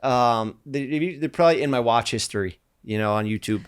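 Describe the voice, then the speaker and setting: Young male podcast host with a smooth voice, rambly, swears freely in casual chat. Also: mid-range voice, normal speed. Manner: loose, rambling, swears a lot.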